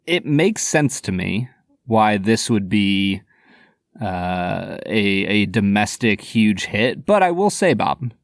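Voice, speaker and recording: A man co-hosting a podcast in casual chat, teasing his partner and tossing in quick reactions. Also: fairly low pitch, big pitch swings, dry recording, studio quality. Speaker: podcast co-host.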